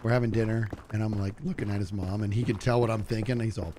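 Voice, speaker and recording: A man streaming a game, telling a story in a casual way and acting out the people in it with a higher voice, laughing often. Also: quick pace, slight background noise. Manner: animated, acts out quotes in a higher voice, laughs often. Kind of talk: casual storytelling while gaming.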